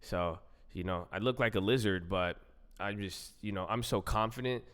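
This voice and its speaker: A man with a low, smooth, resonant voice, chatting loosely on a livestream. His talk rambles and circles back on itself, full of "bro" and "man". The sound carries a long reverb tail. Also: normal speed, a bit bright. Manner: loose, rambling, repeats himself, says "bro" and "man" a lot. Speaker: livestream host. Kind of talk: casual livestream chat.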